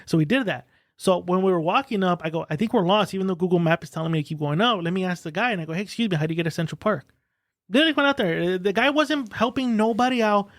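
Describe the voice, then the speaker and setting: Fast-talking high-voiced man, profane. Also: no echo, clean studio sound. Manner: profane, animated storytelling. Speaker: podcast guest, show host. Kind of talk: casual podcast chat.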